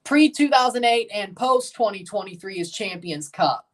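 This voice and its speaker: A man with a Southern US accent hosts a live soccer watchalong, chatting casually with viewers, responding to chat and calling out the match minutes. His voice sits high and lively in intonation, fairly bright in tone, at a moderate pace, recorded from a distance.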